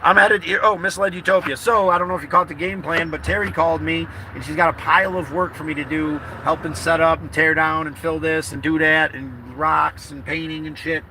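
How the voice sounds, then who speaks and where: A man's voice: a little high, steady tone, a little fast, hardly any pauses, sharp tone, a little hiss or hum, poor audio. A man talking in a casual vlog, heartfelt and rambling, swearing often as he speaks. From New York. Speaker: vlogger. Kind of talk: emotional casual vlog talk. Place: in a parked car outdoors.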